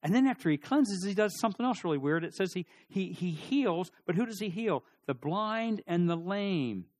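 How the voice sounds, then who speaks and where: A middle-aged male pastor delivering a sermon in a church, with a fairly high-pitched voice. He preaches in an animated way, swings between quiet asides and loud, emphatic peaks, and acts out the voices of the people in his story. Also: moderate pace.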